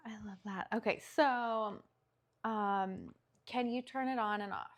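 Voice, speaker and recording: Higher-voiced woman podcast host. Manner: warm backchanneling, quick laughs. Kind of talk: casual interview chat.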